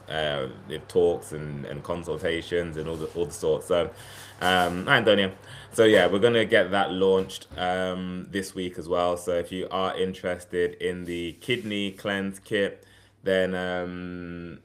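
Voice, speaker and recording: Male livestream host, deep voice, loose and chatty, restarts sentences often. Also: slight background noise. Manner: chatty, rambling, many fillers and restarts. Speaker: herbal health livestream host. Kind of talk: casual livestream talk.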